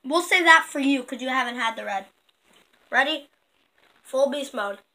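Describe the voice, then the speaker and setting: Bright high-voiced young woman vlogger. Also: animated, normal speed, low-quality recording. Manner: chatty, addresses viewers directly. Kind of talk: casual taste-test vlog.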